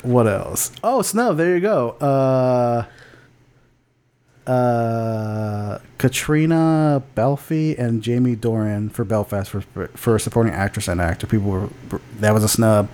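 A man's voice: mid-range voice, takes it slowly, a little mellow. A man co-hosting a podcast, chatting casually and bluntly about film award nominations, with lots of restarts and casual swearing. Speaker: podcast co-host.

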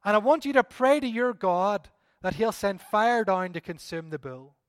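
A man preaching a sermon voices a bold old prophet who challenges and mocks his rivals loudly. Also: sits high, lively intonation, normal speed, dry recording, clean studio sound, big-room sound. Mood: challenging. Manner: loud, challenging, taunting.

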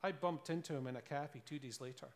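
Scottish male preacher, earnest storyteller, slightly higher voice. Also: fast. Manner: earnest, storytelling, with rhetorical questions and laughs. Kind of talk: sermon.

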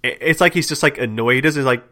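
A man co-hosting a podcast in casual sports chat, laid-back and agreeing, then bursting into lively mimicry. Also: mid-range voice, fast. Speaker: podcast co-host.

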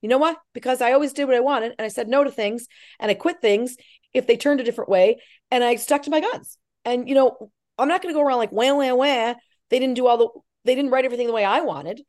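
A middle-aged actress in an interview, telling animated stories and acting out the voices of people she quotes. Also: fairly high pitch, fast. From Irish Catholic family. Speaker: actress and filmmaker. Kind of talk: interview chat.

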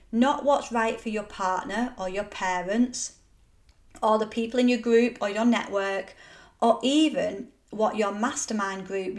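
A woman's voice: medium pitch, a little mellow. Middle-aged woman, solo self-help podcast host, earnest and encouraging, punchy emphasis. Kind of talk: solo motivational podcast talk.

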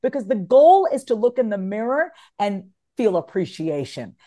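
A woman's voice: medium pitch, sing-song, moderate pace, dark tone. A woman from the United States, a guest on a podcast, talking frankly and with energy and swearing casually.

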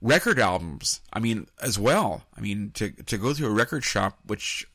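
A man's voice: lowish voice, lively intonation, moderate pace, fairly bright tone, no echo. An older American man hosting a casual interview, rambling and enthusiastic. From United States. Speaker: host.

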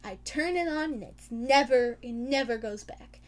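A woman's voice: on the high side, animated, moderate pace. A young woman co-hosting a podcast, rambling and giggly as she retells scenes and acts out quotes. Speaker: podcast co-host. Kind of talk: casual chat.

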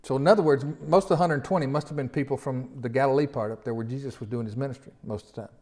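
A man with a Southern American accent preaching a sermon, reading scripture slowly and explaining it in a folksy way with rhetorical questions. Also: medium pitch, a little mellow. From Southern United States. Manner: reads scripture slowly, then talks through it.

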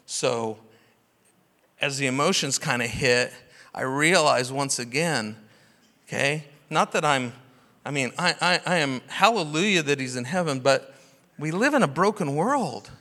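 A man's voice: a little high, lively intonation, unhurried, bright, forceful tone. A man preaching a sermon as pastor, passionate and full of rhetorical questions. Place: church sanctuary. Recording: long hall reverb.

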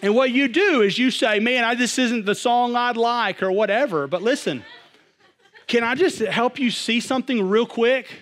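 A young adult man preaching a sermon, animated, swinging from loud to hushed. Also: extremely high pitch, normal speed. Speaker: pastor.

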